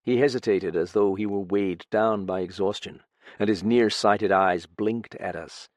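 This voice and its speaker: A man narrating a mystery audiobook in a measured storytelling manner. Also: fairly low pitch, no echo. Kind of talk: scripted narration.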